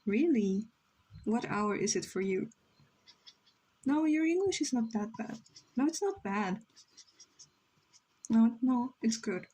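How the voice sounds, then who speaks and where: Mellow-voiced young woman chatting on stream. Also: a little high, expressive, takes it slowly, long pauses, breathy edge, poor audio. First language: Spanish. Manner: rambling, reads chat aloud, many "like" fillers. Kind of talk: casual livestream chat while drawing.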